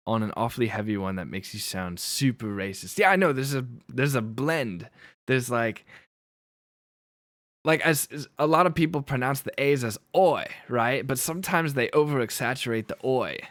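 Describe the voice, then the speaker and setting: A male streamer chatting live at his desk mic, rambling along and breaking into laughter again and again. His voice sits at an ordinary pitch, and the sound is dry and close with almost no room echo. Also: a bit bright. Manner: rambling, laughs often, self-corrects. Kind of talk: casual live-stream chat.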